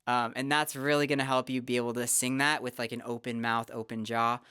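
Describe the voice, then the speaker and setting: A young adult vocal teacher, calmly explaining singing technique step by step in a casual lesson. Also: medium pitch, a little fast, clear, resonant tone, dry recording, studio quality. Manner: relaxed, explanatory, talks through technique step by step.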